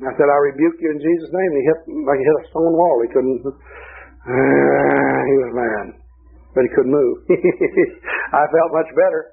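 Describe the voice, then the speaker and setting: A man's voice: medium pitch, measured pace, gravelly, breathy edge, narrow, tinny audio. A male preacher delivering a sermon through folksy, humorous storytelling.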